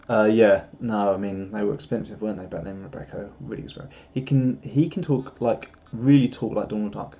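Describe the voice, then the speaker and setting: A man chatting on a live stream, rambling and laughing at himself. His voice is mellow and relaxed. The audio is dull and lo-fi. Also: on the low side, fairly quick, few pauses. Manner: rambling, self-mocking, laughs often. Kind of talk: casual live-stream chat.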